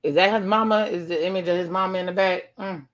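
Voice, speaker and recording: A woman casually talks through a TV episode, retelling scenes and reacting with exclamations in a chatty way. Her voice is lowish with a steady tone, and she speaks quickly.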